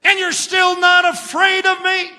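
A man's voice: extremely high pitch, completely flat delivery, unhurried, big-room sound, voice pushed up, exaggerated voice. A man voicing a furious male devil who bellows his threats in a sermon joke. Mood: roaring menace. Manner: bellowing, menacing, shouting.

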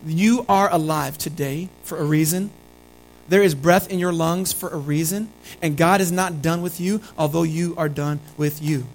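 A man's voice: on the high side, steady tone, moderate pace, faint music behind, poor audio. A pastor preaching a sermon. He speaks earnestly, repeats key phrases and calls his listeners family.

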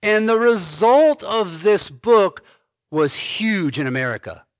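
A male pastor preaching a sermon slowly and emphatically, repeating key phrases. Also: sits high, lively intonation, dry recording, clean studio sound.

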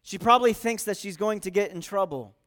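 High-voiced man preaching earnestly. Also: fairly quick, fairly bright tone. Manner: earnest and conversational, explaining scripture. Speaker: pastor. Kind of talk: expository sermon.

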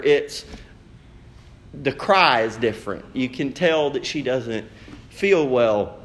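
A young man preaching a sermon as pastor, telling a family story in a lively way and acting out quotes. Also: mid-range voice, unhurried. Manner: storytelling, animated, acts out quotes.

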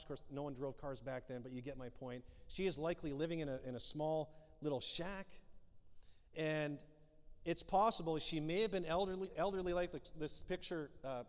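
Pastor preaching in a reverberant hall. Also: male voice, on the high side. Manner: acts out dialogue in illustrations. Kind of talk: sermon.

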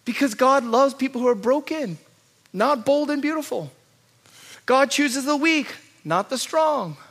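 A man preaching a sermon as pastor, moving from quiet low asides to loud, urgent pleading and repeated rhetorical lists. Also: expressive, measured pace, husky.

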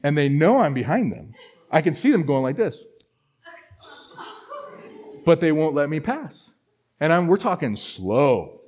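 A man's voice: a little high, a little slow, long pauses. A man, a pastor, preaching a sermon and telling a personal story, with frequent restarts. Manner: storytelling, animated with many restarts. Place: church.

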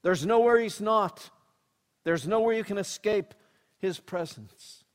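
A man preaching a sermon, dropping to a hushed storytelling voice and then rising to loud, emphatic proclamation, with slow, deliberate scripture reading. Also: high voice. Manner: reads scripture slowly and deliberately.

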